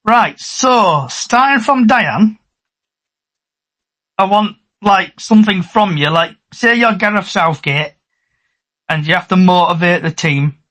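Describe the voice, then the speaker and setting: A man hosting a casual podcast, brisk and teasing as he leads the questions. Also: sits high, animated, pushed and bright. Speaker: podcast host. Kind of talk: casual chat.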